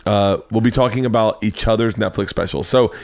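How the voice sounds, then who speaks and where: A man's voice: fairly low pitch, a little fast, a little mellow, dry recording. Jokey laid-back podcast host man. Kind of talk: casual podcast chat.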